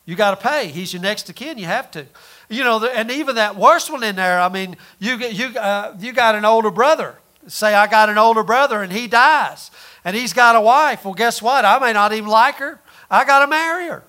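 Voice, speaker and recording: High, bright-voiced folksy preacher man. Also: a little fast. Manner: folksy, repeats words, rhetorical questions, swings loud and soft. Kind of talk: sermon.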